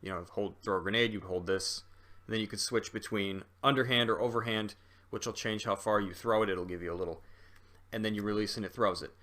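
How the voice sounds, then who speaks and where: A man's voice: lowish voice, fairly quick, a bit bright. A young man talking through a video game in a casual review, rambling with lots of ums and restarts and a jokey streak. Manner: chatty and jokey.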